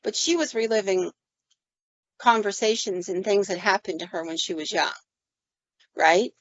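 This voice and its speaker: A woman's voice: medium pitch, moderate pace, no room sound, dull audio. A woman hosting a podcast, telling a paranormal story from her own work in a chatty manner and acting out the voices of the people in it. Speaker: podcast host. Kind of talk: casual storytelling.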